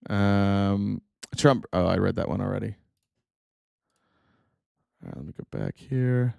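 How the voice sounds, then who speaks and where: A man hosting a political commentary stream, sarcastic and animated as he reacts to clips. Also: lowish voice, measured pace, creaky, no room sound, studio quality. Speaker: streamer host.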